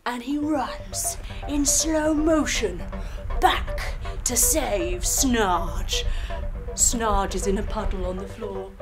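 A woman's voice: medium pitch, takes it slowly, over music. A woman teaching yoga to children through a playful story, full of sound effects and guiding instructions.

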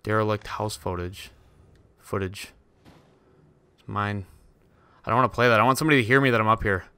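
A man's voice: fairly low pitch, fairly quick, pushed and bright, clear, resonant tone, no room sound. A man giving jittery, swearing commentary to himself as he plays a horror game. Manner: jittery, swearing, talks to himself while playing. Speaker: let's play gamer.

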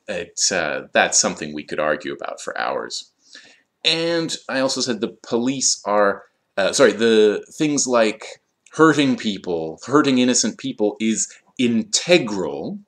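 A man with a lowish voice teaches English vocabulary. He explains each word at an unhurried, drawn-out pace and fills the pauses with "um" and "uh". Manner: slow, deliberate explanations with fillers. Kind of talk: vocabulary lesson.

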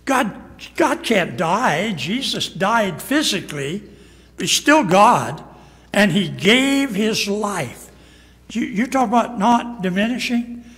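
A man's voice: high voice, lively intonation, takes it slowly, a bit bright, in a large hall. A man preaching a sermon as pastor, emphatic and acting out quoted lines. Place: church sanctuary.

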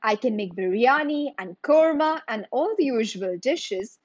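A proud, stubborn cook who answers calmly and bluntly, acted by a woman reading a story. The reading is slow, with a dry, slightly muffled sound. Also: a little high, no room sound. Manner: calm and blunt. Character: stubborn, proud middle-aged male cook.

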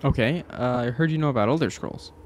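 A man's voice: medium pitch, fast talker, noisy background. A man casually commenting while playing a video game, joking and talking back to the characters on screen. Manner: jokey, chatty, talks to the game characters. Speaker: gamer playing through a game. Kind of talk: let's play commentary. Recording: game music playing underneath. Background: game music.

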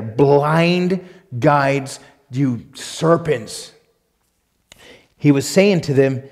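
A man's voice: fairly high pitch, animated, extremely slow, pauses often. Emphatic preacher man in a reverberant hall. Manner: emphatic, swings between loud punches and quiet asides. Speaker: pastor. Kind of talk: sermon with Bible reading. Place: church sanctuary.

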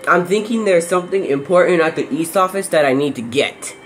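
A man's voice: fairly high pitch, brisk, a bit bright, soft background music. A young man casually commenting on his own horror game playthrough, jumpy and yelping when startled. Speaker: gameplay commentator. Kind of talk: casual let's-play commentary.

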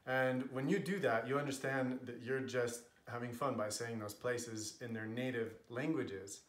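A man's voice: mid-range voice, fairly even intonation, measured pace, roomy sound. A man with an American accent explaining language points in a casual, earnest, chatty way, with many fillers. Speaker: language vlogger.

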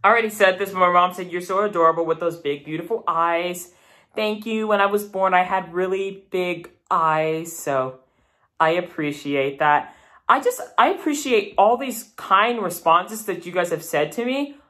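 A young man chatting to camera in a casual vlog, animated and self-deprecating. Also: high-pitched, normal speed. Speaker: YouTuber.

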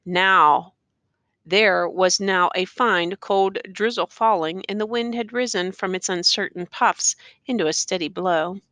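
A woman reading a short story aloud in measured narration. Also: mid-range voice, pushed and bright, no room sound. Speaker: audiobook reader.

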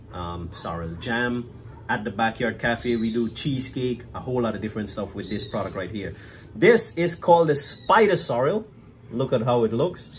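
A man's voice: on the low side, a little hiss or hum. Chatty Guyanese man cooking. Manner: chatty, often tags "right?". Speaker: cook and cafe owner. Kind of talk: casual cooking demonstration.

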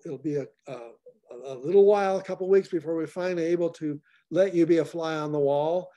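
Host type: man, mellow and slightly high, rambling with restarts over a call line. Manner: loose and repetitive, restarts phrases. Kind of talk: live group call.

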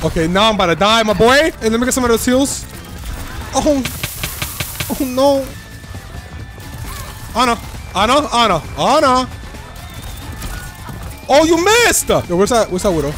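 Excitable young man gaming, high lively voice. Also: unhurried, long pauses, soft background music. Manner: excitable, trash-talking, repeats himself. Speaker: gaming streamer. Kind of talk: live gameplay commentary.

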